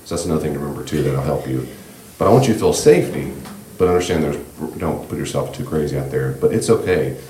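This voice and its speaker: Very deep-voiced man teaching a church class. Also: lively intonation, quick pace, echoey room, a little hiss or hum. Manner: gentle, reassuring, loose with fillers. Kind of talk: conversational church class lecture. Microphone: room microphone.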